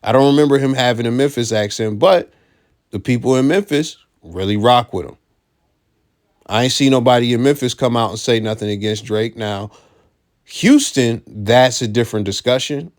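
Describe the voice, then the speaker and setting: A man's voice: medium pitch, normal speed. A man giving casual commentary, blunt and profane, who repeats his key points for emphasis.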